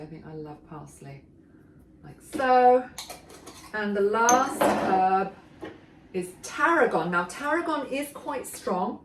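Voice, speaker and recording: A woman's voice: mid-range voice, noisy background. A middle-aged woman, chatting enthusiastically as she demonstrates a recipe in her home kitchen. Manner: chatty, enthusiastic, talks while working. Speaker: cooking show host. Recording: echoey kitchen, mic far off. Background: clattering dishes and pans.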